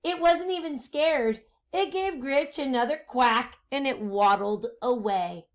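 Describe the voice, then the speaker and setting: A woman teacher reads a picture book aloud to her class, slow and unhurried, her voice sitting on the higher side. She stays animated, stops often to quiz the children, and drops into hushed asides.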